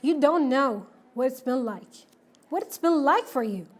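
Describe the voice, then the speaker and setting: A shrill, furious teenage witch shouts in a high, piercing voice, as a woman reads her out. Storybook reading, all sarcasm and outrage. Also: lively intonation, measured pace. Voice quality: shrill, loud.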